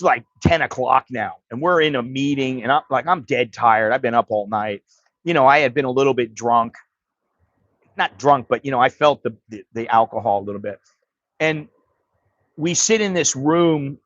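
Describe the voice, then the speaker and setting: A man's voice: mid-range voice, no room sound, muffled recording. A man hosting a livestream, telling a story in a blunt, profane, casual way. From United States. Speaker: livestream host.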